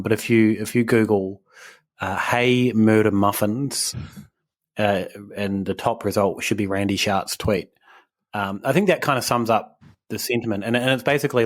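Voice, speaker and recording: A young man, co-hosting a podcast, rambling and self-deprecating in casual chat. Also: lowish voice. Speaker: podcast co-host.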